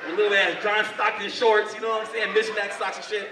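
A male stand-up comedian hosting a live club show, telling stories in an animated way. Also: high voice, fairly quick, background noise. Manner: animated storytelling. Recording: echoey club, distant mic.

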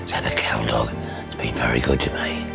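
A man's voice: a bass voice, flat delivery, fairly quick. An older Australian man, a former coach, telling a story in an archive interview clip with blunt glee. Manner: gleeful, blunt, gravelly storytelling. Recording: loud music under archive clip.

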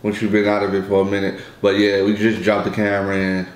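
Laid-back low-voiced man, echoey room. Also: completely flat delivery, fast talker, a little hiss or hum. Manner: laid-back, teasing, rambling. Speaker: vlogger co-host. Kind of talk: casual mukbang vlog chat.

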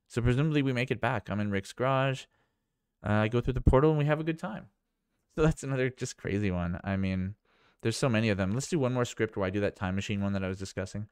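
A man's voice: on the low side, fast talker, clear, resonant tone, no echo, studio quality. A man vlogging a casual screen demo, rambling and thinking aloud with amazement. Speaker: tech vlogger.

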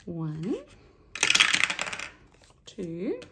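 A woman's voice: fairly low pitch, wildly swooping pitch, drawn-out words. A woman with an Australian accent hosting a chatty budgeting vlog, bubbly as she counts out cash and rolls dice. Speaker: budgeting vlogger. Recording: loud background noise.

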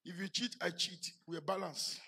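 A man with a Nigerian English accent preaching a sermon in a church, building to shouted emphasis and putting questions to the congregation. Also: sits high, fairly even intonation, moderate pace, husky. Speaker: pastor.

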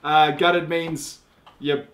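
Young kiwi dad, new zealand accent, easygoing and jokey, stops and restarts a lot. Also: male voice, on the high side, level tone, a bit bright. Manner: playful, halting, laid-back. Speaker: dad teaching his young daughter slang. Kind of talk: casual instructional video.

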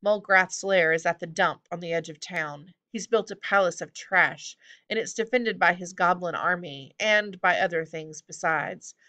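A woman's voice: fairly low pitch, normal speed. A woman voicing a cheeky, rude male hobgoblin who keeps calling people names. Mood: grumbling. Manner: loud, whiny, name-calling.

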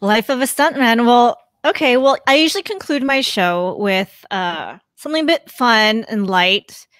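A woman hosting a casual interview, bubbly and quick to laugh. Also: on the high side, lively intonation, fairly bright tone, dry recording, studio quality. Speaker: podcast host.

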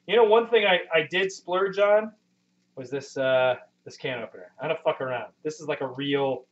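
A man's voice: a little high, moderate pace. A man in his thirties live-streaming from a home kitchen, chatting with viewers in a rambling, profane, self-deprecating way. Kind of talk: casual live-stream chat. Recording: muffled lo-fi stream audio.

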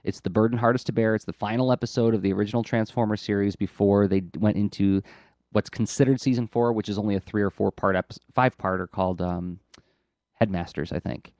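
Enthusiastic low-voiced man on a podcast. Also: fairly even intonation, fast, darkish tone, no echo. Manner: enthusiastic, rambling, frequent fillers. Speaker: co-host of an art podcast. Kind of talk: casual explaining chat. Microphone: close podcast mic.

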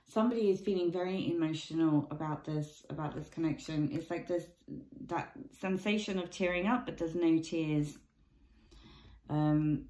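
A woman giving a casual tarot card reading, musing and thinking aloud with many pauses and ums. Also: low-pitched, warm tone, roomy sound, low-quality recording. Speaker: tarot reader.

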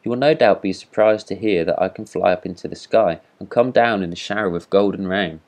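A man's voice: low voice, fairly quick, a little mellow. A man voicing a vain, boastful firework rocket in a storybook reading, speaking in a haughty, self-important manner. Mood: disdainful.

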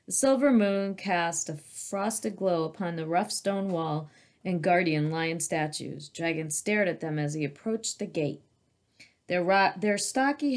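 A woman reading a chapter of a children's novel aloud, with casual asides between passages. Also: fairly low pitch. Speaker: storybook reader.

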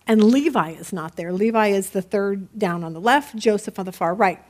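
A middle-aged woman leading a women's Bible study, explaining scripture in a chatty, conversational way and reading passages aloud. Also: mid-range voice. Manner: chatty, tells jokes, reads scripture aloud.

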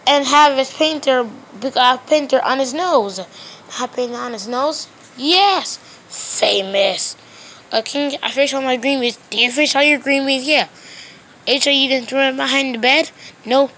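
High-voiced woman playing with toys. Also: a bit bright. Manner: quick switching between plush toy characters; loose, ungrammatical play talk. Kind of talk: toy play with many voices.

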